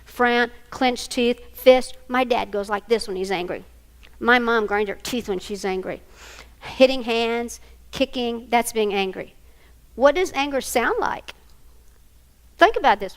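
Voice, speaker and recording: A woman's voice: fairly high pitch, a little slow. An older woman, a grandmother, presenting a live training workshop and quizzing her audience. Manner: animated, asks the audience questions.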